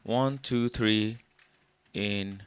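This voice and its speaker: A young man hosting a casual livestream, thinking out loud in an animated way and breaking into loud shouts. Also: lowish voice, extremely slow, smooth. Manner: animated, musing aloud, loud shouted bursts. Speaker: livestream host.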